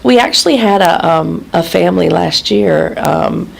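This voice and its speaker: Woman on a radio show, casual chatty guest, kinda gravelly fry in her voice, laughs a lot. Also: fairly low pitch, a little slow. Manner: chatty, laughs often, tells anecdotes. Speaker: guest, exchange program coordinator. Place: radio studio.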